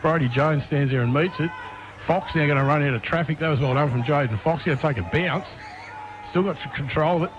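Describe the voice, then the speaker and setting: An Australian man calling a local football match play by play, quick and chatty, from a commentary box at the ground. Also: on the high side, dull audio. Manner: quick, chatty, easy laughs.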